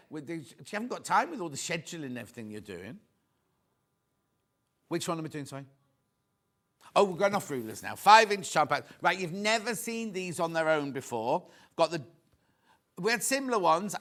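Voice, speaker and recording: A man presenting on a TV shopping channel, chatting excitedly and tossing quick asides to viewers and crew. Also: on the high side. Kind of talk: live TV selling chat.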